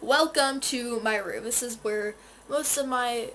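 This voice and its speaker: Her voice a little high, bright, and unhurried, the fourteen-year-old North Carolina beauty vlogger talks casually through her makeup routine, full of restarts and quoted asides. The phone recording from her bedroom carries a little hiss or hum.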